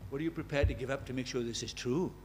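Impassioned older preacher. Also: male voice, mid-range voice, very fast, slight background noise. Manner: impassioned, swings from hushed to loud. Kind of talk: evangelistic sermon.

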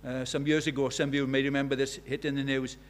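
At medium pitch and a fast pace, a man preaches in a church with a flat delivery. He is emphatic, asks rhetorical questions, and swings between loud and hushed.

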